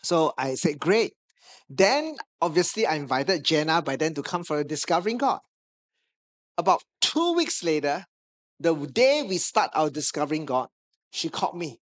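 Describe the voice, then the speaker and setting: A man with a Malaysian English accent, preaching a sermon as a pastor, telling a lively anecdote with touches of humor. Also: on the high side, normal speed. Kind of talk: sermon storytelling. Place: church stage.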